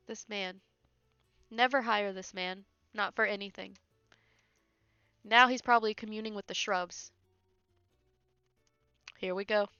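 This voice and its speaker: Bright-voiced woman streaming a game, laughs a lot, kinda sarcastic, dull dry audio w faint music. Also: medium pitch, fairly even intonation, slow pace, long pauses, clear, resonant tone, no room sound. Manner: laughing often, teasing and sarcastic. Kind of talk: casual gameplay commentary.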